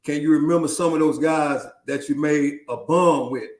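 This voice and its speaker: A man's voice: a little high, fairly even intonation, moderate pace. A man hosting an interview, asking questions and ending his points with "right?". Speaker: host. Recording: roomy echo.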